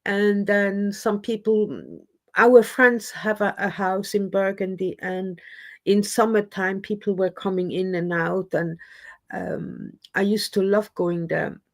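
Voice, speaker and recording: A woman's voice: mid-range voice, little pitch movement, takes it slowly. A woman hosting a casual live stream chat, rambling and self-deprecating as she talks. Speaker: livestream host. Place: lives in Scotland.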